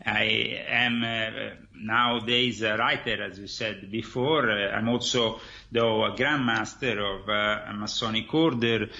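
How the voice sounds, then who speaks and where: Bright Italian-accented guest on a muffled line. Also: male voice, on the low side, steady tone, creaky. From Italy. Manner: halting, with many "uh" pauses. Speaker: guest author. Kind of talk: radio interview.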